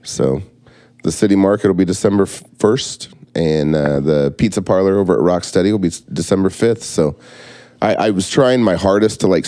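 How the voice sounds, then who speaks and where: A man's voice: deep voice, mellow, clear, resonant tone. A man who is a podcast guest, chatting casually and plainly about his week. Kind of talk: casual chat.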